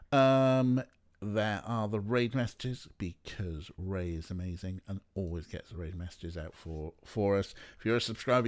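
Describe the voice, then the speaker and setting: A young man with a fairly low voice talks through a game stream. He rambles casually, throwing in playful little asides as he goes. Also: a little mellow. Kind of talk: casual let's play chat.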